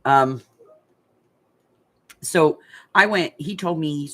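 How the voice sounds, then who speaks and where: An older woman hosting a craft channel, chatting casually as she tells a story with lots of fillers and animated retelling. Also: low voice, moderate pace, pauses often.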